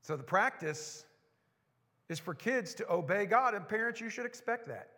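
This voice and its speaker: A man with a high voice preaches a sermon in a church sanctuary. He is folksy and animated, and he tosses in joking asides. A long reverb trails his words through the hall. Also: normal speed. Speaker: pastor.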